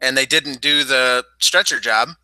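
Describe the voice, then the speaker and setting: A man's voice: medium pitch, a little slow, sharp tone, clean tone, dry recording, rough recording. A man co-hosting a podcast in blunt, profane, teasing casual chat over a headset mic. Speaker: podcast co-host.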